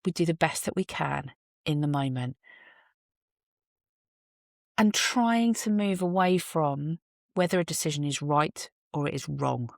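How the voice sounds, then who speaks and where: A woman with a low, gravelly voice speaks unhurriedly and pauses often, and the audio is clean studio quality with no echo. She hosts her own podcast, musing earnestly through her thoughts with self-deprecating asides in a reflective solo monologue. It was recorded on a phone in a parked car.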